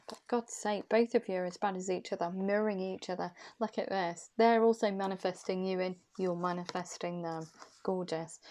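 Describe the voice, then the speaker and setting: A woman's voice: medium pitch, mellow. A woman giving a casual, chatty tarot reading, musing aloud and repeating her questions to the cards. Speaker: intuitive tarot reader.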